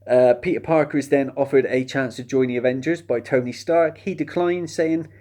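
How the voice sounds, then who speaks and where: A man's voice: medium pitch, moderate pace, dark tone. A man giving a casual, chatty spoken film review, sardonic and mocking the plot.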